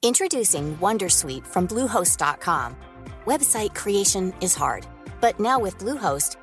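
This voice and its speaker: A woman reading an advertisement in a polished, upbeat sales voice. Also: fairly low pitch. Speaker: ad announcer. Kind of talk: read advertisement. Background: faint music.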